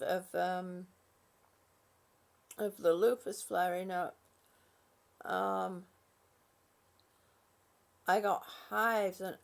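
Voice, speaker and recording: Older woman, live-stream host, unhurried, gravelly, a bit high-pitched, friendly rambling chat with viewers. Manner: chatty, warm-hearted, with frequent "um" and restarts. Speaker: channel host.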